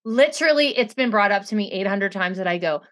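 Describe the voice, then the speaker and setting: Swearing, animated woman co-host. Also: mid-range voice, fairly quick. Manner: animated storytelling, swears freely. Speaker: podcast co-host. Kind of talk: casual rewatch chat.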